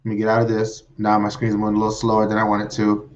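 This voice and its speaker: A man hosting his own solo talk show, excited and rambling, with lots of fillers and restarts as he talks at his computer. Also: fairly low pitch, racing, muffled recording. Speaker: host. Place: home desk setup with green screen.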